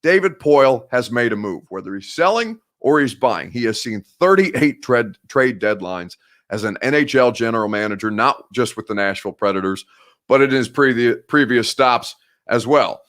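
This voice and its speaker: A man's voice: medium pitch, expressive, moderate pace, fairly bright tone. Male sports talk host, young, Midwestern accent, mid-range voice; heated, sarcastic, profane. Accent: Midwestern American. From Indiana. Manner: heated, sarcastic, swears freely. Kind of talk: sports talk show rant.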